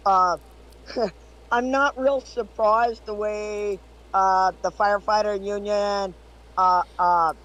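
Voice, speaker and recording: A man's voice: sits high, fairly bright tone, poor audio. A man joining a casual livestream chat as a guest, upbeat and cheering, swearing freely. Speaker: call-in guest.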